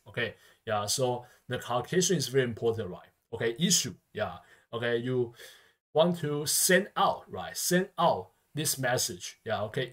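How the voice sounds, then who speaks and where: A man teaches English vocabulary, his being Mandarin. His voice sits at a middle pitch but swings up and down a lot as he explains. He keeps tagging phrases with "okay" and "yeah". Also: a bit bright. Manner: peppers speech with constant "okay" and "yeah" tags. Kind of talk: vocabulary lesson lecture.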